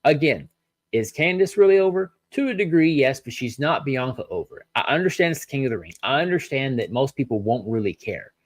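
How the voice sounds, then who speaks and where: A man hosting a solo wrestling review podcast, ranting with many rhetorical questions and pausing to apologize for his tangents. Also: medium pitch, sing-song, no room sound.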